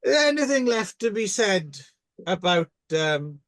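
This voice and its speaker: A man chats casually as a podcast co-host, dropping dry, wry remarks. His voice is a little high, and the sound is close and dry, with no room in it. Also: sing-song, slow, fairly bright tone, dry recording. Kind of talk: casual chat.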